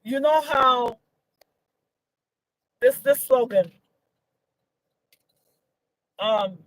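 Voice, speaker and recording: A woman shares her opinions in a casual vlog, emphatic and repetitive, her slightly high voice leaping upward whenever she grows indignant. She speaks extremely slowly, and the recording quality is low.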